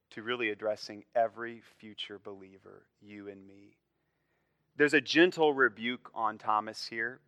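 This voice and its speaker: A man's voice: on the low side, pushed and bright, no room sound. A man preaching a sermon in an earnest, emphatic way, often starting with "you see" and letting his phrases fall away at the ends. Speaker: pastor.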